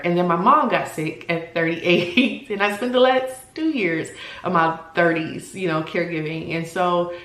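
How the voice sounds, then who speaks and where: A woman in her forties with a somewhat low voice speaks earnestly and from the heart, pausing now and then to find her words. Her candid vlog talk rings in an echoey room. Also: a bit bright. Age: 40s. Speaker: vlogger.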